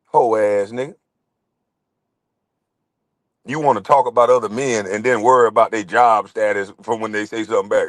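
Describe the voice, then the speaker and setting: A man's voice: fairly low pitch, fairly even intonation, brisk, no echo. A middle-aged man hosting his own channel, ranting to camera in a confrontational, constantly swearing monologue. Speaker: channel host.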